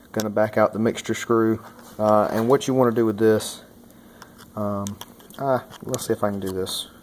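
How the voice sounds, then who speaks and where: A man's voice: fairly low pitch, a little hiss or hum. Folksy man explaining repairs. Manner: casual, folksy, thinks aloud with many fillers. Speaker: mechanic and channel host. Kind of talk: hands-on repair tutorial.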